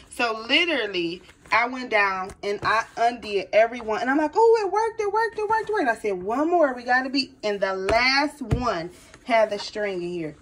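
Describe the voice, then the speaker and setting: A woman's voice: mid-range voice, fairly bright tone. A woman talking viewers through a craft project in casual vlog chat, nervous and chatty, calling them y'all. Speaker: crafting vlogger. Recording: slightly distant mic with faint noise.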